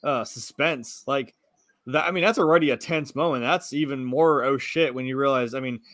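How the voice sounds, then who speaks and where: A man's voice: medium pitch, moderate pace, a bit bright, no room sound. A man co-hosting a casual movie review chat over a video call, laid-back, swearing freely and laughing often. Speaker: podcast co-host.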